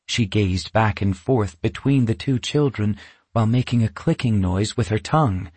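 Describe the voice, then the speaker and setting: A man narrating a children's storybook in a lively, expressive way. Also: fairly low pitch, moderate pace, breathy edge, no room sound. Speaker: audiobook narrator.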